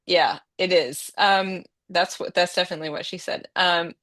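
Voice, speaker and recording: A woman co-hosting a casual chat, a romance author talking quickly and jokingly with many "like" fillers. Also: lowish voice, fairly even intonation, fairly bright tone, no room sound, clean studio sound. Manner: quick, chatty, filler-heavy with joking asides. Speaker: podcast co-host and romance author.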